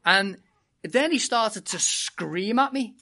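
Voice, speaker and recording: A preacher with a British accent, opening a sermon with a humorous, animated personal story before teaching the congregation. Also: mid-range voice, slow. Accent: British English. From Britain.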